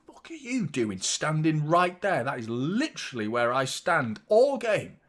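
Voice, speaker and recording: A man's voice: on the high side, wildly swooping pitch, measured pace, fairly bright tone, full character voice. A man voicing an annoyed star striker in his own everyday voice, swearing bluntly and in disbelief. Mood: incredulous.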